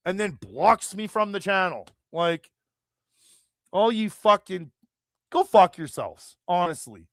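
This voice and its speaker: A man's voice: high voice, expressive, slow pace, a bit bright, no echo, clean studio sound. A man from Canada hosting a live chat stream, delivering a profane, heated, rambling political rant. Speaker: livestream host.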